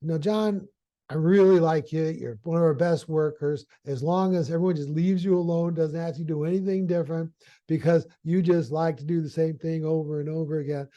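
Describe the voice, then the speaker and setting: A man voicing a friendly male office boss who softens bad news in an annual review. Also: a little high, fairly even intonation, fairly quick, muffled recording, lightly acted. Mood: coaxing.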